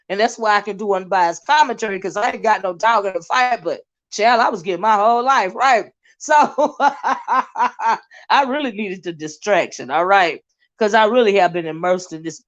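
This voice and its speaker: A woman hosting a casual livestream, chatting about online drama with lots of asides to her viewers. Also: a little high. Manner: chatty, animated, drawling asides. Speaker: YouTube commentary host. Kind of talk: casual livestream gossip commentary. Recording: dull lo-fi livestream audio.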